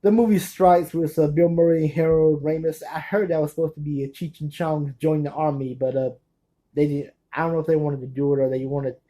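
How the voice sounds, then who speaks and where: Brief: man host, mellow tone, rambling chat about his movie collection, keeps losing names and restarting. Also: fairly high pitch, fairly even intonation, a little fast, poor audio. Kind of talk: casual rambling talk to camera.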